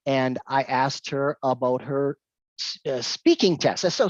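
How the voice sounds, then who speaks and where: A woman giving an English-teaching talk, telling a story with animated delivery and repeating her key points. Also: very deep voice, measured pace, no room sound, muffled recording. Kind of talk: lecture with anecdote.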